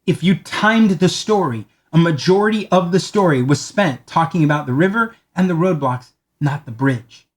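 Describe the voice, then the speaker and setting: A man giving a talk on marketing, telling a long story in a conversational way and acting out the lines of the people in it. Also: moderate pace. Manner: animated storyteller, acts out quoted lines in a higher voice; conversational, repeats words as he talks. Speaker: marketing speaker.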